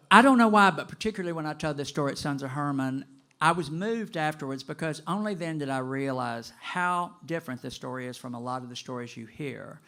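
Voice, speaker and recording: A man in his late sixties telling a personal story to a live audience, animated and gossipy, with dramatic pauses. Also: a little high, creaky. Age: 60s.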